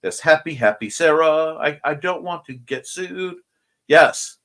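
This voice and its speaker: Yawning through a casual morning livestream he hosts from a home room by a window, a drowsy man greets viewers, reads comments, and rambles with jokes. He speaks a little slowly in a bit bright voice on the high side.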